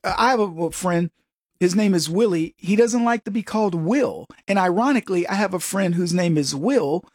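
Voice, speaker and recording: Husky-voiced man giving blunt commentary. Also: high-pitched, expressive, normal speed, a little mellow, no room sound, clean studio sound. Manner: emphatic, repeats words, talks straight to viewers. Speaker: commentary host. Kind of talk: opinion commentary monologue.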